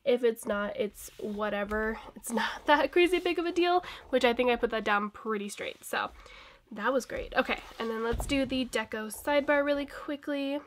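Young woman vlogger, fairly high voice, sick with a cold, rambling and laughing casually. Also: normal speed. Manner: chatty and rambling, laughs often. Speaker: planner vlogger. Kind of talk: casual plan-with-me chat.

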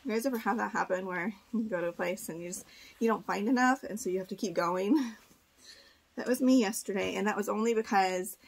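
A woman's voice: mid-range voice, a little fast, gravelly, breathy edge. Brief: young woman, pregnant and a bit breathless, casual rambling haul chat to a home camera. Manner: chatty, thinking aloud, frequent "like" and "uh". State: heavily pregnant, a little short of breath. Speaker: part-time online reseller. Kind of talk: casual thrift haul vlog. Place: indoor room at home, seated before camera.

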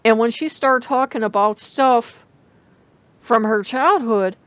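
A woman with a rural American country accent, rambling and animated in a casual spiritual vlog, laughing often. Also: on the high side, slow, no echo. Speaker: channel host. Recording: dull lo-fi recording.

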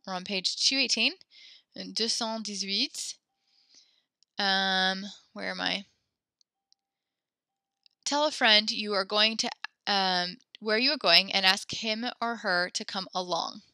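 A woman teaching a French class, giving brisk instructions that mix English and French and often correct herself mid-sentence. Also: medium pitch, bright, forceful tone, no room sound.

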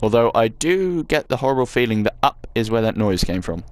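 Brisk and sing-song at a medium pitch, a man provides laid-back gameplay commentary as a let's play gamer. He jokes at his own expense and swears from time to time, with slight background noise behind him.

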